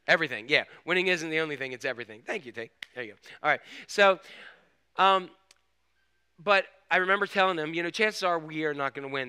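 A man's voice: medium pitch, pushed and bright, clean tone. A male pastor giving a casual, storytelling sermon with frequent restarts. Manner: conversational, storytelling, full of restarts.

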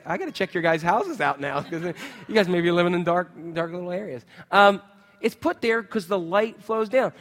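A man preaching a sermon in a church, conversational and animated, full of rhetorical questions to the congregation. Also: high-pitched, in a large hall. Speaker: pastor. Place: church sanctuary.

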